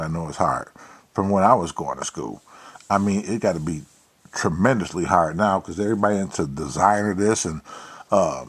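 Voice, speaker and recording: A man's voice: fairly low pitch, slightly rough. A man hosting his own talk show, giving a blunt, profane, preachy monologue. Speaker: podcast host. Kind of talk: casual monologue.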